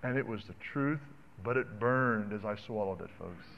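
Animated preacher in an echoing hall. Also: male voice, on the low side, moderate pace, vocal fry, slight background noise. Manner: animated and conversational, calling to the congregation. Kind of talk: sermon. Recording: dull sound with long reverb in a hall.

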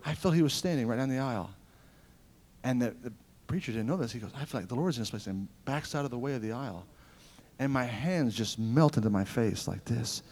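A middle-aged man preaching a revival sermon at mid pitch. He tells personal stories with animated energy, rising to loud, ringing lines and dropping to hushed, intimate asides. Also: brisk.

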